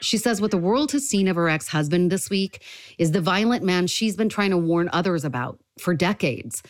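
A woman reporter narrating a news report with a measured, even delivery. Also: fairly low pitch.

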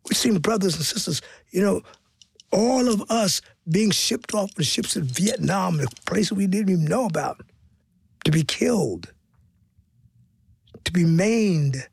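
An older man telling stories in an interview, expressive and repeating words, sometimes dropping to a hush for emphasis. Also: sits high, a little slow, vocal fry, long pauses, husky, dry recording. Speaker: guest, stage performer. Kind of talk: interview storytelling.

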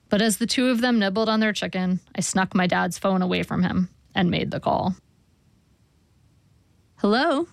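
Woman with a gravelly fry, reading a story. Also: on the low side, dry recording. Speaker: narrator. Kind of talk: reading a first-person literary story aloud. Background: soft guitar music.

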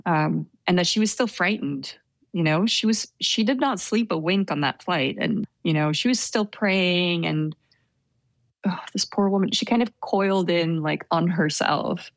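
A young woman telling a personal story in an interview, soft-spoken and hesitant with many fillers. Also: on the low side, unhurried, no room sound, clean studio sound. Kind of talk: conversational storytelling.

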